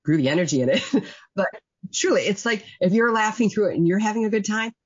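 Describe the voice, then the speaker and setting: Husky-voiced woman guest writer. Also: mid-range voice, a little fast. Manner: animated, laughs while talking. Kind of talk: casual chat. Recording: dull lo-fi audio with faint music.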